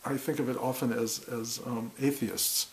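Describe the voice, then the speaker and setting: A man giving a slow, reflective spiritual talk, speaking softly and often dropping to a near whisper. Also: mid-range voice, steady tone, poor audio. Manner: slow, soft, intimate, drops to near whispers.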